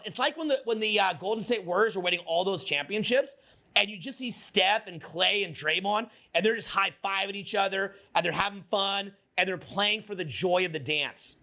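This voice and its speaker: At a moderate pace and in a high voice, this man coaches social skills before a live audience. The motivational session is energetic and profane, and he gets the crowd to repeat after him.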